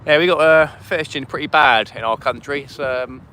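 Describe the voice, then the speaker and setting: A man's voice: medium pitch, moderate pace, bright, forceful tone, clear, resonant tone. A man, hosting a fishing livestream and chatting casually with viewers, eager and thankful. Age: 20s. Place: outdoors by a river at night.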